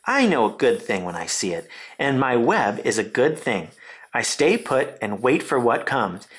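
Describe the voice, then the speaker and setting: A man voicing a calm, wise female spider in a storybook, steady and reassuring. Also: mid-range voice, moderate pace, husky. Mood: musing.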